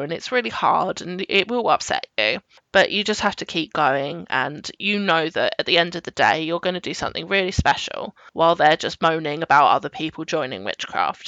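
A woman's voice: low voice, gravelly, fairly bright tone, no room sound, dull audio. A woman hosting a solo advice podcast, talking in an earnest, reassuring way. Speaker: podcast host.

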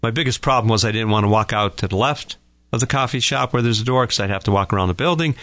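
A middle-aged man, a couples therapist, hosts a radio talk segment and tells a personal story in a calm, folksy way to listeners he calls folks. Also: mid-range voice, fast, no room sound.

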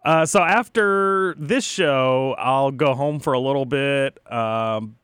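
A man's voice: medium pitch, slow pace, a bit bright, clear, resonant tone, no echo, clean studio sound. A young man producing a radio show, easygoing and chatty, laughing now and then. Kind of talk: casual radio chat.

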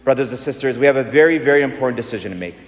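Speaking very fast in a mid-range voice, a male pastor delivers an emphatic, repetitive sermon, guiding the congregation through call-and-response. He's in a large church, and the recording has an echoey hall sound.

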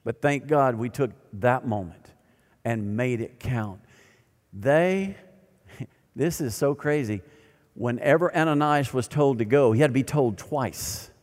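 An older man preaching a sermon as pastor, animated and then dropping to quiet emphasis. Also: medium pitch, unhurried. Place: church sanctuary. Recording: long reverb of a large hall.

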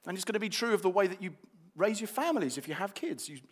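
A man preaching a sermon, animated and building to emphatic declarations. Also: high voice, quick pace, breathy edge.

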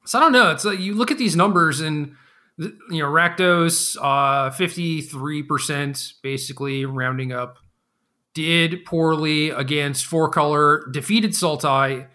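A man's voice: fairly high pitch, unhurried, sharp tone. A man co-hosting a casual card game podcast, talking in a laid-back, rambling way with lots of fillers. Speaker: podcast co-host.

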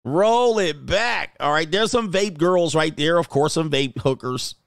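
A man doing casual reaction commentary as a YouTube commentator, slangy and prone to loud exclamations. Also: on the high side, normal speed, smooth, dry recording, studio quality.

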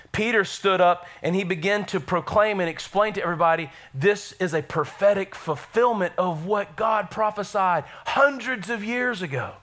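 A middle-aged man preaches in a church with a voice that sits high for a man. His tone is bright and ringing, and he keeps the energy up, calling out to the congregation as he goes. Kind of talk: sermon. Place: church sanctuary.

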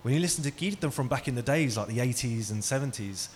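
A man gives a talk in a hall, speaking at a middle pitch and often turning to his listeners with questions. The recording carries a faint hum of room noise. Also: expressive, fast talker. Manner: engaging, asks the audience questions. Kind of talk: interactive talk to an audience. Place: hall with an audience.

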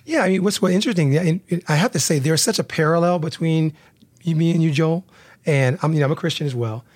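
A man's voice: a little high, fast talker, no room sound. A man hosting a podcast interview, talking earnestly and repeating words as he restarts. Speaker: podcast host. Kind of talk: casual interview talk.

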